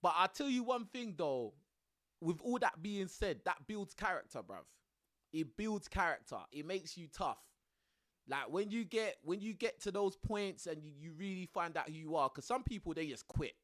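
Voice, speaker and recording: A man's voice: high voice, expressive, normal speed, a bit bright. A young man chatting casually on a live stream from his home, laughing often and using lots of slang. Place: home room under a studio light.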